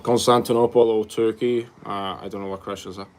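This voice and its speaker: A man's voice: lowish voice, steady tone, brisk, a little mellow, slight background noise. A man in his twenties hosting a livestream, answering viewer questions in a loose, rambling casual chat, calling people bro and filling gaps with um and like. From Wales. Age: 20s. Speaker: livestream host.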